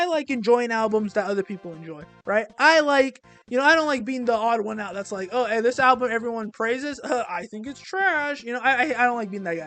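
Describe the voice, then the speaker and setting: A man's voice: extremely high pitch, a bit bright. Rambling young man ranking albums. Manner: rambling, halting, self-deprecating, many restarts. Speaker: music reviewer. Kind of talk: casual album ranking monologue.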